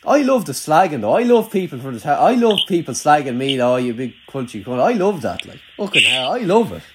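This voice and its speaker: Fast-talking young rural Irish man. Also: fairly high pitch, big pitch swings, heavy background noise. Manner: chatty, rambling, heavy use of "like". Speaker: podcast host. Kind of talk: casual chat.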